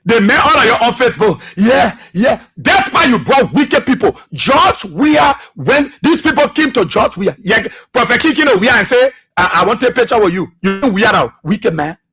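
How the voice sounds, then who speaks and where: A Liberian man on a radio talk show hammers his targets with repeated accusing questions. His voice sits very high and cuts through with a sharp, bright edge, and a husky grain runs under it. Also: big pitch swings, normal speed, hardly any pauses. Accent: Liberian English. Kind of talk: political talk radio commentary. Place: radio studio.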